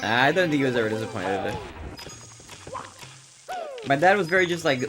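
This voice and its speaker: Male streamer, lively swooping delivery, chatty and quick to laugh, game music playing underneath. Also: mid-range voice. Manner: animated storyteller, laughs often. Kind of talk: casual livestream chat while speedrunning.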